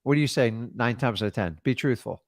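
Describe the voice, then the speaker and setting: Blunt, animated man coaching on cold calls. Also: medium pitch, no echo, clean studio sound. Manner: animated, blunt, acts out phone calls in quick voices. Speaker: real estate investor coaching a caller. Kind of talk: casual coaching talk.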